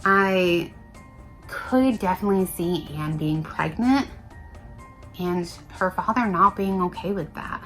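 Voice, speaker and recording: Hushed, slightly breathless woman vlogger. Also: soft background music, poor audio. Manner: deliberately hushed, low-volume delivery. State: a little out of breath. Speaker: paranormal YouTuber host. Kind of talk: casual vlog storytelling.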